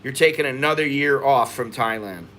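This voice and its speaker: An American man hosting a casual livestream, venting with frustration and climbing in pitch as he gets worked up. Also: moderate pace, pushed and bright. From United States. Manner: frustrated venting, rising in pitch when agitated. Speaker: expat livestream host.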